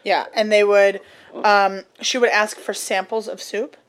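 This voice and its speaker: A woman's voice: mid-range voice, little pitch movement, unhurried. A young woman chatting casually, telling rambling restaurant stories with swearing and lots of fillers. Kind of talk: casual podcast chat.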